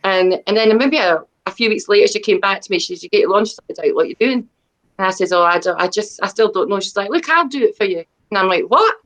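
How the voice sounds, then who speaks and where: A middle-aged woman chats as a debut author guest on a video call. She talks in a loose, rambling way, full of fillers and restarts, and keeps playing herself down. Her pitch sits in the middle for a woman. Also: fast talker, a bit bright, low-quality recording. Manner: chatty and self-deprecating, many fillers and restarts. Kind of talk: casual interview chat.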